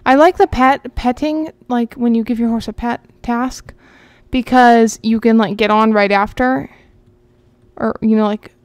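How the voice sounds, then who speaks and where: A woman unhurriedly chats with viewers as she plays a horse game for her channel, rambling and muttering to herself. Her voice is fairly high with fairly even intonation, and there's no room sound.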